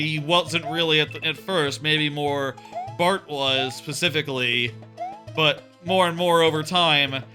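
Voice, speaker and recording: Male streamer, thirties, rambling casual game-stream chatter, bright sharp voice, music faintly behind. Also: on the high side. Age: 30s. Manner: rambling, many fillers and restarts. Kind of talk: casual live-stream chat while playing.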